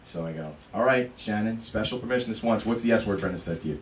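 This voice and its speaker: A man's voice: on the low side, quick pace. A man in his thirties doing open mic stand-up in a small venue, rambling and interrupting himself with fillers. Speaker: stand-up comic. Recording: distant mic with loud room noise.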